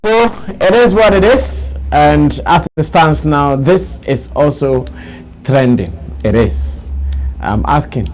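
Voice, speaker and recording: A man hosting a talk show discussion, briskly prompting a guest. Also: a little high, slight background noise, rough recording. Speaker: host.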